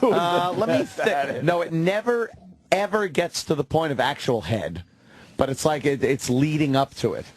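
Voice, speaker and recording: A man's voice: a little high, lively intonation, normal speed. A man co-hosting a talk radio show, trading sardonic, mocking asides and laughing through crude banter. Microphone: studio broadcast mic.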